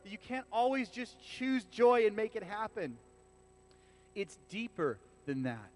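A man preaching a conversational sermon in a church, casual and animated, often restarting his sentences and talking straight to the congregation. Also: high voice, a little slow. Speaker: pastor.

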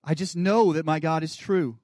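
Male guest preacher, 30s, earnest sermon delivery, a bit high in pitch, dry close-miked sound. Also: normal speed, no echo. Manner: earnest preaching, dropping to soft quiet asides. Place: church sanctuary.

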